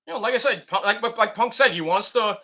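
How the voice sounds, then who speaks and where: A man's voice: high voice, fairly quick, sharp tone. A man hosting a wrestling talk show, rambling in a casual and profane way, often restarting his sentences and filling gaps with ums. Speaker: wrestling podcast host.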